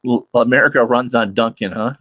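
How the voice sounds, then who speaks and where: A man in a casual chat, chiming in with quick joking interjections. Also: mid-range voice, steady tone, sharp tone.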